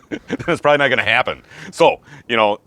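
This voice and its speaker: A man with a lively, swinging voice banters through a rum tasting. He teases his co-host and hams up the sales pitch, talking casually at a home bar. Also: a little fast, no room sound. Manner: playful, teasing sidekick. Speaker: co-host of a rum review show.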